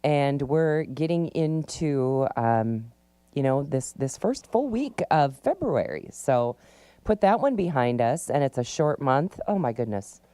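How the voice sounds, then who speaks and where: A woman's voice: very deep voice, very animated, a little slow, clear, resonant tone, dry recording. A woman co-hosting a morning radio talk show, chatting casually with many ums and restarts. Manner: warm-hearted chatter, lots of ums and restarts. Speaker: radio co-host. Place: radio studio.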